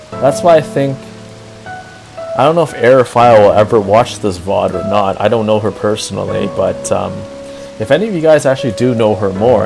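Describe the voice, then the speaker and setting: A man's voice: fairly low pitch, gravelly, poor audio. A man streaming casually, rambling earnestly with lots of fillers about a build he admires. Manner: earnest, sentimental. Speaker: streamer touring a game housing build. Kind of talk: casual chat.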